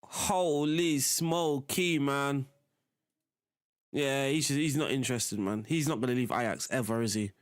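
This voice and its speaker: A man's voice: mid-range voice, measured pace. A young man live-streaming a football management game, chatting casually to his viewers as he plays. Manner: chatty, talks to chat while playing.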